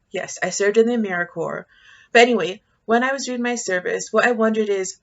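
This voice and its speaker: A woman's voice: medium pitch, muffled recording. A woman casually walking through a home coffee recipe in her kitchen, with playful, self-mocking jokes. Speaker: home cooking vlogger.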